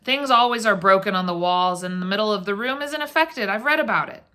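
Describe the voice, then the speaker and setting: A stubborn, angry middle-aged husband from a ghost story, gruff and blustering, as a woman reads his lines. The tone stays bright and sharp. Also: medium pitch, brisk, close to an everyday voice.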